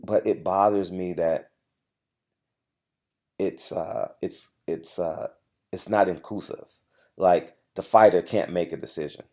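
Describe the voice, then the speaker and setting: A man with a deep, low-pitched voice speaks straight to his audience in a heated monologue. He drives each point home by repeating it and cuts in with short asides to his viewers. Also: slow pace, pauses often, warm tone. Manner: emphatic, repetitive, confrontational storytelling. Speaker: boxing journalist and channel host. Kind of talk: direct-to-camera monologue.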